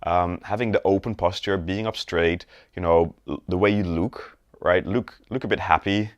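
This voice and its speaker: Very deep-voiced male sales coach. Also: steady tone, normal speed, no echo, highs cut off. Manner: conversational, often checks in with "right?"; demonstrates postures and gestures while talking. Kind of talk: to-camera teaching video.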